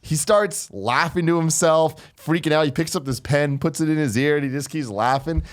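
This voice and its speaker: A man hosting a podcast, telling a story in an animated, casual way, swearing freely and acting out the quotes. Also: on the high side, normal speed. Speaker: podcast host.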